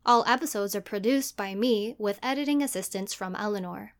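A woman's voice: mid-range voice, fairly quick. Chatty woman podcast host. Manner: loose and conversational, with filler words. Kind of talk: casual chat.

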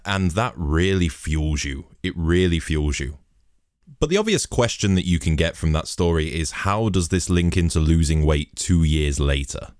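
A young man, a podcast host, telling a sweary, lively anecdote in a casual monologue. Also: sits low, dry recording, clean studio sound.

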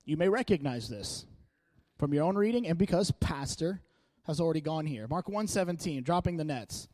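A man giving a casual sermon in a church, talking in a chatty, joking, animated way. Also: fairly high pitch, moderate pace, no echo. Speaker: church speaker. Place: church meeting room.

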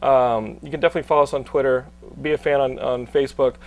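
A young man hosting a podcast, loud and swearing a lot as he talks over his guests. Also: medium pitch, steady tone, fast, vocal fry. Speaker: podcast host. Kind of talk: loud casual podcast banter.

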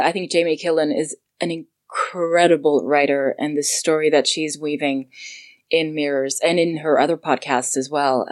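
A woman with a low voice chats as an interview guest. She gushes with enthusiasm and fills her talk with ums and uhs. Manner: enthusiastic, gushing; many fillers. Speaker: voice actor guest. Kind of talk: casual interview chat.

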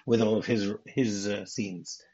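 A man's voice: fairly low pitch, fairly even intonation, mellow, husky. A man hosting a casual film podcast, chatting and reading script passages aloud. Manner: reads script passages aloud, quick asides. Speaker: podcast host. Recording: dull lo-fi audio.

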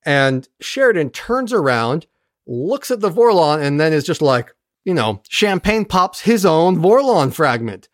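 Racing through a recap of an episode, the podcast host stays sarcastic and laid-back, cursing and briefly mimicking the characters. Their lively voice ranges widely in pitch, captured in a close, dry recording.

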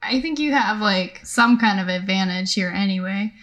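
A young woman narrating as game master of a tabletop role-playing game, relaxed and amused. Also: medium pitch, moderate pace.

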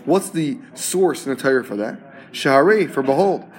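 A man's voice: medium pitch, lively intonation, moderate pace. A man teaching a Talmud class. He translates each term phrase by phrase and often checks in with his students.

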